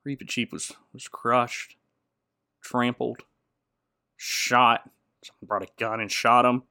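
A man's voice: medium pitch, level tone, takes it slowly, gravelly, sharp tone, no echo, clean studio sound. A man giving a jokey, slangy recap of a movie plot, laughing often. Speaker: podcast host.

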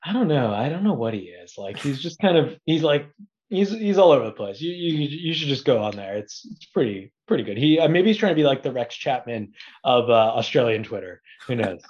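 Man, podcast guest, relaxed joking banter, mid pitch, dull lo-fi recording. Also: brisk. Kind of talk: casual sports chat.

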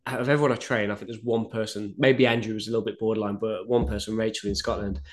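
A man's voice: lowish voice, fast talker. A man coaching powerlifting, chatting casually on a podcast and telling stories with animation. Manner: animated storytelling, swears casually.

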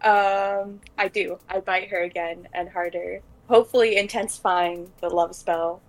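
A woman's voice: lowish voice, steady tone, a little slow, poor audio. A woman as a player in a tabletop role-play, talking playfully with fillers.

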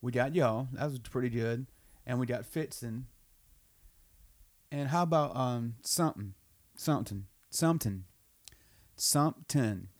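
A man's voice: medium pitch, measured pace, dry recording. Man hosting a comedy sketch; coaxing and repetitive; dry, close sound. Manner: persuasive, coaxing, repeats himself.

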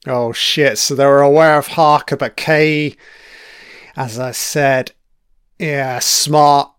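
A man's voice: medium pitch, fairly even intonation, takes it slowly, smooth, no echo, clean studio sound. Sweary man riffing on a show. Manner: sweary, chatty, reacting to the screen. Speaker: commentator. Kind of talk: casual film commentary.

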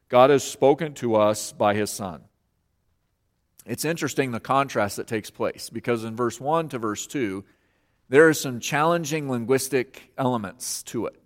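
Man, pastor, earnest sermon delivery, emphatic repetition, long hall reverb. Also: medium pitch. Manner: earnest, emphatic, repeats key phrases.

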